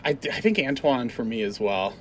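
A man's voice: mid-range voice, lively intonation, moderate pace, a little hiss or hum. A man co-hosting a casual podcast, eager and laughing a lot as he chats. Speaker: podcast co-host. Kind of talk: casual chat.

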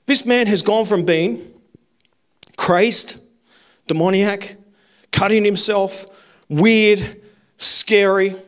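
Speaking very slowly and pausing often, a man with a high-pitched, fairly bright voice holds a steady tone. He's a pastor preaching with fervor to a congregation in a church hall, repeating his points and throwing out one rhetorical question after another.

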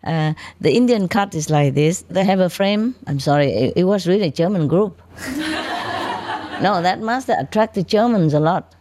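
A woman's voice: fairly low pitch, animated, moderate pace, darkish tone, a little hiss or hum. A woman spiritual teacher telling chatty stories to her disciples, laughing often and showing things with her hands. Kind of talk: casual storytelling talk to disciples.

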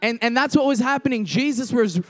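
Casting: young male preacher, high voice, chatty then emphatic, church congregation. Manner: conversational, jokes with congregation, builds to emphatic slow declarations. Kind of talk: casual sermon with scripture reading.

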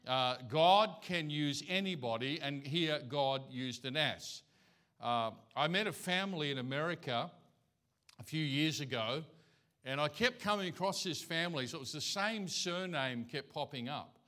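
Bright-voiced man preaching a sermon. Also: on the high side, lively intonation, moderate pace. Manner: anecdotal, folksy storytelling. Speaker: pastor. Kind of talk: conversational sermon. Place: church.

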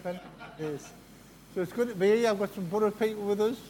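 A man, talking fast in a chatty, joking way as a guest preacher at a church carol service. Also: high voice, a crowd in the background. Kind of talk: sermon-style personal testimony. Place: church carol service before a live congregation. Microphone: handheld microphone.

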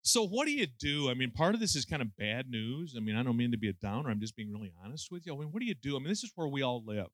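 A man's voice: mid-range voice, sing-song, fast talker, few pauses, no room sound. A man in his sixties preaching a conversational sermon with folksy, self-deprecating humor and lots of fillers. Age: 60s.

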